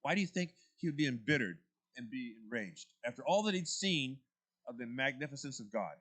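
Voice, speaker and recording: A man's voice: mid-range voice, lively intonation, a little fast, fairly bright tone. Man teaching a church Bible class. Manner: conversational, questions to the class, frequent restarts.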